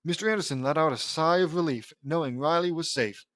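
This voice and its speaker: A man's voice: a little high, a little fast, a bit bright, no room sound. A man reading his fan fiction aloud, stopping often to rant and laugh at it with stumbling restarts.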